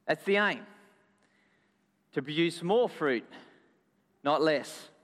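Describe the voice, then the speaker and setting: A man, a pastor, telling a children's story and preaching in a church with animated delivery. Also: on the high side. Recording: echoey hall.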